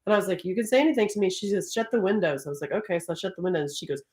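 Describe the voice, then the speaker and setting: A middle-aged woman hosting a live stream in casual, animated talk, laughing often. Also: lowish voice, racing. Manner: animated, laughs often, Southern-tinged "y'all".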